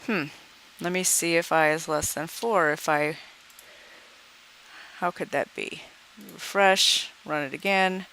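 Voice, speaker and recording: A woman's voice: low-pitched, slow pace, pauses often, pushed and bright, clear, resonant tone. A woman walking through a coding example in a screencast tutorial, thinking aloud as she debugs and reads out dialog lines. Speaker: programming teacher.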